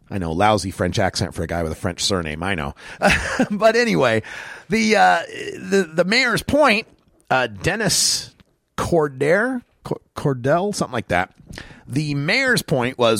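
A man's voice: on the high side, very animated, unhurried, vocal fry, a bit bright, no echo, studio quality. A man hosting his own show, delivering an opinionated solo rant with emphatic, rising passion. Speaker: host of a cannabis politics rant show.

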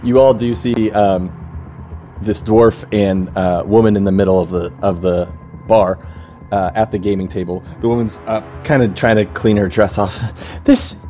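A man's voice: lowish voice, steady tone, moderate pace, warm tone, soft background music. A man narrating a tabletop game as game master, casual, with many fillers. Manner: casual, full of likes and ums, laughs often.

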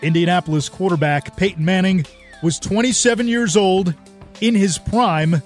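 A man's voice: high voice, soft background music. Man narrating a sports documentary. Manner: measured, even storytelling delivery. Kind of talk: scripted narration.

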